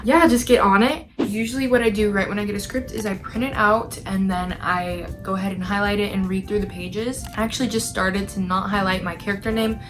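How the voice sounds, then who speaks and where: A young actress chatting casually to her camera at home, self-deprecating and bubbling over with excitement at times. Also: mid-range voice, a little fast, hardly any pauses. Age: young adult. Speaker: actress and vlogger. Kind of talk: casual vlog chat to camera. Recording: music playing behind the voice.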